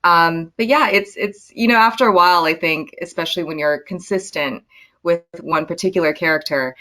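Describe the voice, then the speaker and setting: A woman with a notably low-pitched voice speaks as an interview guest. She talks casually and reflectively, often pausing on fillers and restarting her sentences. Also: pushed and bright. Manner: thoughtful, lots of filler and restarts. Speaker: actress guest.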